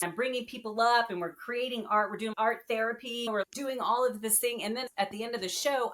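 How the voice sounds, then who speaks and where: A woman guest on a podcast, telling her story in a casual, animated and earnest way. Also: mid-range voice.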